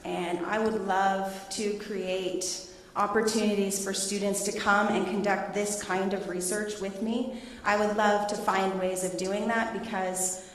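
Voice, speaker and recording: Animated woman presenting in an echoey hall. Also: mid-range voice, unhurried, few pauses. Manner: animated, laughing storyteller. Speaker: teacher presenting her research. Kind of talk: presentation and Q&A to students.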